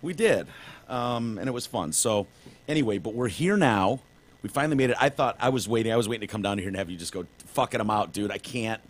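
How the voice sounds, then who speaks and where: A man's voice: medium pitch, expressive, quick pace. A man co-hosting a podcast in casual chat, rambling with lots of fillers and swearing. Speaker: podcast co-host.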